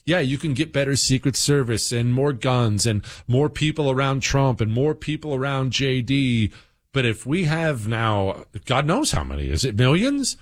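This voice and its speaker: A man hosting a political talk radio show, delivering a heated, indignant monologue. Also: medium pitch.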